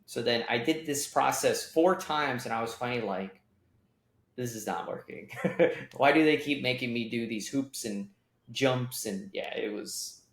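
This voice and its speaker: A man's voice: medium pitch, moderate pace. A man on a podcast, telling a story in a plain, matter-of-fact way. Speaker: podcast co-host. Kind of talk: casual chat. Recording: roomy echo.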